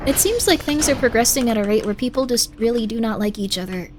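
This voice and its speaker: A woman's voice: fairly high pitch, animated, quick pace, over music. A young woman streaming a game, chatting casually and sympathetically with her chat. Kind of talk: casual gameplay commentary, reading chat.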